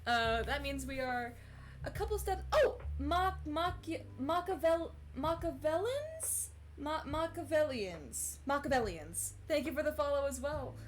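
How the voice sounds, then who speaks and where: A woman's voice: high voice, sing-song, a little slow, a little hiss or hum. A young woman chatting casually on a live stream before reading fan fiction, giggly and full of fillers and restarts, on a cheap streaming mic. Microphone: cheap streaming mic on a laptop.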